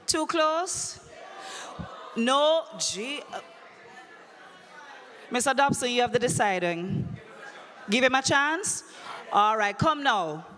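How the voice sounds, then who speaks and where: A woman emceeing a conference, running a brisk, playful audience quiz and teasing the crowd over a handheld microphone. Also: high voice, bright, forceful tone. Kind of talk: lively audience quiz hosting. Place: large conference hall. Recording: long hall reverb.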